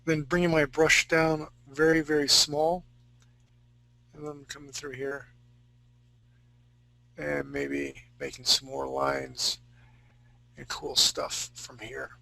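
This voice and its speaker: A man's voice: a little high, little pitch movement, slow, creaky, long pauses, bright, forceful tone, poor audio. A man teaching a live fantasy-art drawing class, talking casually and joking with his students. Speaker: art instructor.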